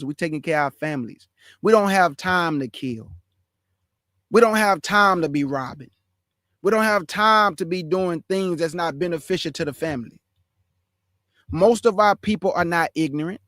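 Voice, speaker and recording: Emphatic high-voiced male preacher, dry sound. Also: fairly bright tone, dry recording. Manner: emphatic, repetitive preaching cadence. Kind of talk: impassioned sermon.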